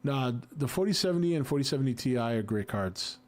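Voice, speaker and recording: A laid-back man in his forties chats casually on a livestream. He reads viewer comments aloud and answers them with easy jokes, at a middle pitch. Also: animated, fairly quick. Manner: laid-back, jokey, reacts to chat. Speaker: livestream host reading chat. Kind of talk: casual chat.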